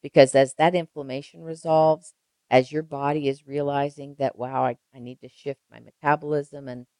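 A woman's voice: rumbling low, little pitch movement, moderate pace, mellow, dry recording, poor audio. An older woman, a registered nurse, telling stories emphatically in an interview and repeating phrases for effect. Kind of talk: conversational interview.

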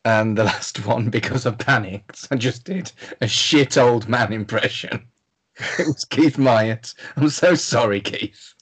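A man's voice: medium pitch, measured pace, husky. A man, a podcast guest chatting casually, swearing and mocking himself in a flustered way. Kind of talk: casual chat.

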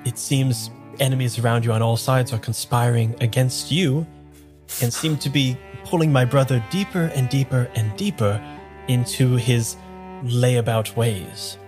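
Man playing a formal scheming gentleman officer. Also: mid-range voice, steady tone, a little slow, soft background music, close to an everyday voice. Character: stiff, calculating gentleman officer, lieutenant.

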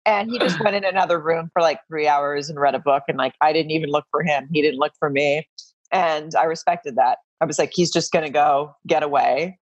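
A woman's voice: deep voice, a little fast, no echo, dull audio. A woman from Arkansas, a podcast guest, chatting casually and self-deprecatingly about home life. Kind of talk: casual chat.

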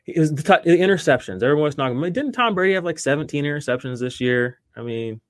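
A man's voice: a little high, quick pace, dry recording. Rambling, talkative male podcast host. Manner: rambling, animated, lots of fillers and restarts. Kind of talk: casual podcast chat.

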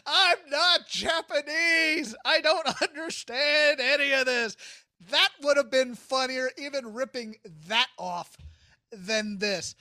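A man co-hosting a casual comedic discussion, animated, laughing often and acting out quotes. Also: very high voice, dry recording, clean studio sound. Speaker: podcast co-host.

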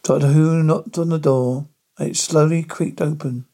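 A man reading a spooky story aloud in a halting manner, stumbling over words. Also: a little high, steady tone, warm tone. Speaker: narrator.

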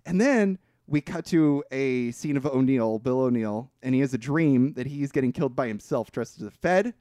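A man talks through a film's plot for his podcast, his pitch swinging up and down as he gets into the story. He swears casually and trips over his own restarts. The sound is dry and close, with no room around it. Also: moderate pace, dry recording. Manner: animated retelling, swears freely, frequent restarts. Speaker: podcast co-host. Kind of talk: casual movie recap chat.

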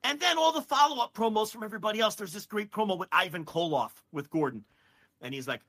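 A man co-hosting a podcast, ranting with heated, profane excitement in casual chat. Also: sits high, brisk. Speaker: podcast co-host.

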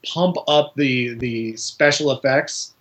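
A man co-hosting a casual film podcast, talking in an animated, rambling way full of "like". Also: mid-range voice, slow pace. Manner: animated, filler-heavy, says "like" constantly. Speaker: podcast co-host. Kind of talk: casual movie discussion.

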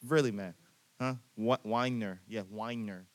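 A young man hosting a college esports show, giving an upbeat weekly recap with lots of shout-outs. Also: on the low side, measured pace, dry recording. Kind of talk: casual chat and weekly recap.

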